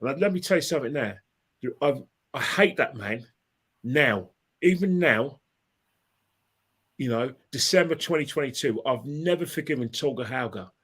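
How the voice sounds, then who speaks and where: Guy on a podcast going on about a match, keeps restarting and repeating himself, worked up, normal pitch. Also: animated, moderate pace, pauses often, fairly bright tone, breathy edge. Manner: rambling, with many restarts and repeated phrases; impassioned. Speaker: podcast guest, football fan. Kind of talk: casual anecdotal storytelling.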